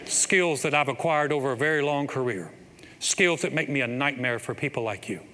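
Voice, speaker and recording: A man doing an impression of a grim film father who makes slow, measured threats to a kidnapper. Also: mid-range voice, bright, forceful tone, slight background noise, lightly acted. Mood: menacing. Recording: long hall reverb, faint ambience.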